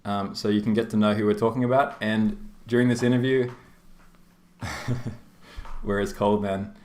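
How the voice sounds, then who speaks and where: This is a fairly low, fairly even voice, a little slow and a little mellow, belonging to an Australian tournament caster and stream host. His casual live-stream chat rambles along with frequent laughter and plenty of fillers, heard in a room with noticeable echo.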